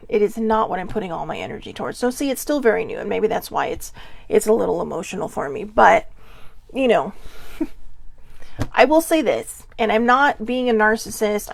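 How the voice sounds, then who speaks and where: A woman's voice: a little high, creaky, no echo. A woman hosting a live oracle card reading, chatting candidly and rambling, and swearing freely as she goes. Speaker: oracle card reader and host. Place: lives in Southern California.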